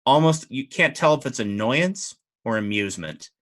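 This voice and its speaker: A man's voice: mid-range voice, expressive, normal speed, fairly bright tone. A man narrating a tabletop game as game master, in casual, descriptive speech.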